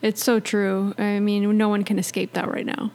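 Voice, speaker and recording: A woman's voice: medium pitch, monotone, normal speed. A woman co-hosting a podcast in casual chat, easygoing and thinking aloud. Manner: easygoing, thinks aloud with restarts and softer trailing lines. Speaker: podcast co-host.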